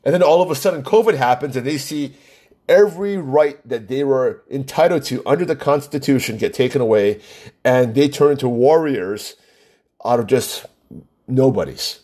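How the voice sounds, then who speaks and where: A man's voice: mid-range voice, moderate pace, dark tone, husky. A man giving a casual, heated monologue, repeating words for emphasis and firing off rhetorical questions. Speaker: commentator. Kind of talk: casual political rant to camera. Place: Hawaii.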